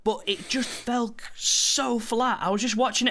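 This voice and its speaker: A man's voice: very high-pitched, fairly even intonation, normal speed, noisy background. A man co-hosting a casual film review chat, blunt and swearing freely. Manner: blunt, swearing, laughing asides. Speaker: podcast co-host.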